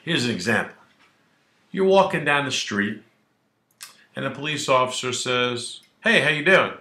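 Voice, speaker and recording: Brash defense lawyer, bright voice. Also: male voice, medium pitch, moderate pace, reverberant. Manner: brash, animated, acts out little scenes. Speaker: criminal defense attorney. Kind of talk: direct-to-camera legal explainer.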